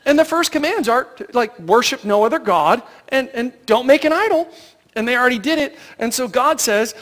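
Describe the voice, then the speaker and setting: A man with a high voice preaches a sermon in a church, speaking in a chatty, animated way. He tosses rhetorical questions to the congregation and acts out the characters' lines. His voice rings with the long reverb of a large hall. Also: normal speed. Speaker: pastor. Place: church sanctuary.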